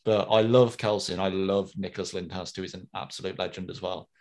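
Fast-talking playful man, podcast co-host. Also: deep voice, fairly even intonation, darkish tone. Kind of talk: casual chat, reading listener messages.

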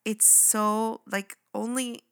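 Bright, gravelly-voiced woman. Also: on the high side, level tone, slow pace. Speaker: podcast co-host. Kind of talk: casual chat.

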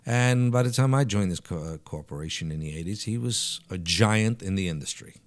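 New guy in his 50s, lowish voice, tells stories slow and reflective w lots of uh's. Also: expressive. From Bronx, New York. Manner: reflective, anecdotal, frequent restarts and fillers. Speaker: podcast guest, hair stylist. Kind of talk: storytelling in a casual interview.

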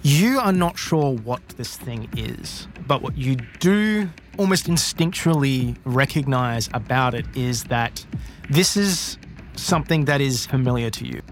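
A man running a tabletop game, narrating in a measured, descriptive way. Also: mid-range voice, animated, soft background music. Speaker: game master.

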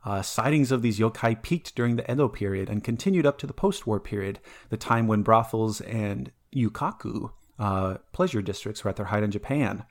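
A man's voice: on the low side, expressive, normal speed, hardly any pauses. A man co-hosting a podcast, talking about folklore in a casual, rambling way with lots of fillers and restarts. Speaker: podcast co-host presenting folklore. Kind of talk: casual chat.

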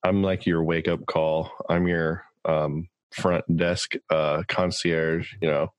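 A man's voice: low voice, level tone, slow, no echo. A man hosting a podcast, chatting casually and jokingly, with a lot of fillers. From California. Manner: rambling, joking, many fillers. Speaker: podcast host.

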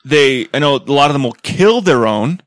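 A man's voice: mid-range voice, lively intonation, normal speed, no room sound. A man with a voice in the middle range for a man, recorded close and dry. In a casual podcast chat he mostly adds short, agreeable remarks. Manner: brief, agreeable interjections.

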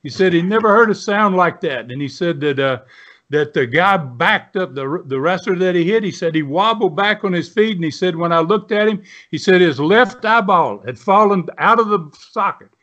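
Heard on a dull lo-fi recording, this American guest in his 70s, once a pro wrestler, spins casual, meandering stories with a folksy air, frequently restarting and using fillers. He speaks at normal speed in a high, animated, slightly bright voice.

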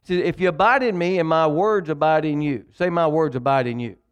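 A male pastor preaches a sermon in a slightly high, fairly quick, smooth voice, though the audio sounds dull. He is emphatic and repetitive, calling on the congregation to read along in a call-and-response style.

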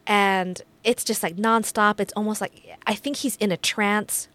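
A woman's voice: mid-range voice, fairly even intonation, measured pace, pushed and bright. A woman chatting casually as a guest, giving short agreeing replies between her own stories. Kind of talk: casual conversation.

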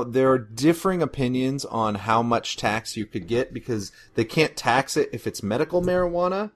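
A man co-hosting a podcast, explaining figures in a casual discussion with many "um"s and restarts. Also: mid-range voice. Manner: informative, hesitant with many "um"s. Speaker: podcast co-host.

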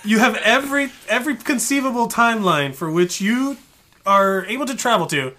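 A man's voice: sits high, animated, normal speed, pushed and bright. A man co-hosting a casual podcast chat, laid-back, often laughing and swearing. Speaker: podcast co-host.

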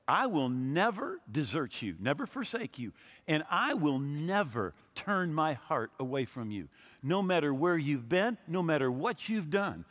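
A man's voice: high voice, fairly bright tone, big-room sound. A man in his sixties, a pastor preaching a sermon, telling stories and acting out the people he quotes, often repeating his words as he goes. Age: 60s.

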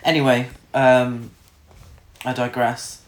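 A man's voice: medium pitch, level tone, slow. A man, casually chatting about a film as a podcast co-host, laughing often and swearing freely. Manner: sweary, laughs a lot, mimics characters. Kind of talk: casual chat. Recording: echoey room.

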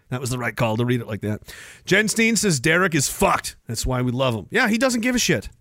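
A man hosting a podcast, delivering a sarcastic, profane rant with loud outbursts. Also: high-pitched, dry recording, studio quality. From Canada. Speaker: podcast host. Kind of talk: angry ranting monologue.

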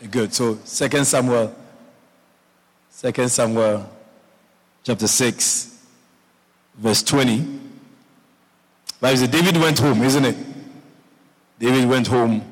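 Male preacher, mid-pitched, unhurried delivery, repeats lines and asks the room if they follow, heard with a lingering hall echo. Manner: repeats phrases, checks in with the congregation. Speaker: pastor. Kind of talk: sermon. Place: church.

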